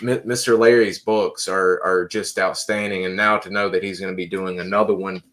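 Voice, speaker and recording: Man, podcast host, polite, encouraging, somewhat low voice. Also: level tone, moderate pace, fairly bright tone. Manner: polite, short encouraging replies. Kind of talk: casual interview chat.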